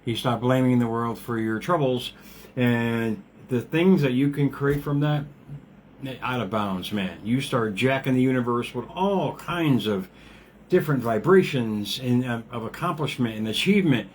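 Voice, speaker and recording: A man's voice: medium pitch, a little slow, a little hiss or hum. Rambling middle-aged man giving a pep talk. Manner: rambling, laughs often, casual swearing. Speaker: motivational podcast host. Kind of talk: casual motivational livestream talk.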